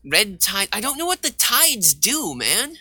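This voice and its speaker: A man's voice: high-pitched, a little slow, husky, no echo. A man hosting a let's play, reading the game's dialogue aloud and joking around in between. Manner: lively, joking, bright.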